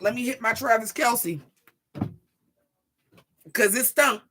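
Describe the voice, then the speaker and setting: Vlogger, 40s, sassy profane rant to camera, crisp bright tone. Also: mid-range voice, measured pace, long pauses. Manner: profane, sassy, animated, talks straight to viewers.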